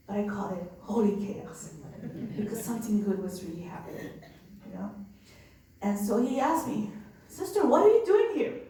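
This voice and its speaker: Woman, a nun, earnest storytelling, medium pitch, recorded far off in an echoey room with faint ambience. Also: dark tone, a little hiss or hum. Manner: earnest, conversational with many fillers. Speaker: nun running a migrant respite center. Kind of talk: personal storytelling.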